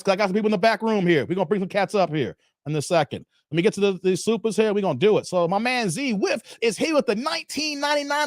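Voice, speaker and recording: A middle-aged man with a fairly high voice, hosting a casual livestream. He jokes loosely and chuckles as he reads out chat, calling everyone "man". The sound is close and dry, with no room around it. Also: no echo. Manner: loose, joking, laughs often, calls viewers "man". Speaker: livestream host reading chat.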